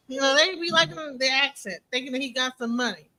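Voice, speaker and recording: Blunt animated American woman reacting. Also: high voice, fairly quick, low-quality recording. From United States. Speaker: streamer reacting to a clip. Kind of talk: casual reaction commentary.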